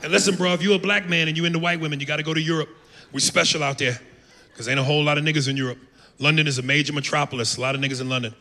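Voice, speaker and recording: An American stand-up comedian on a club stage tells brash, profane stories with lots of animation. His voice is on the high side and sharp, rapid-fire but fairly even in intonation. The live club mic picks up long reverb, noise, and audience laughter.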